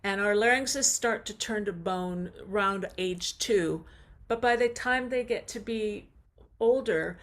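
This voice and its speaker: A woman teaching a vocal warm-up over a video call, coaching in an encouraging way and singing short demonstration phrases. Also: medium pitch, a little slow. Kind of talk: online vocal warm-up lesson.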